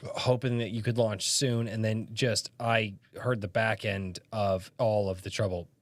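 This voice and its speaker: A man's voice: fairly low pitch, steady tone, a little slow, no echo. A man hosting a podcast in casual chat, talking with enthusiasm and casual swearing. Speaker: podcast host.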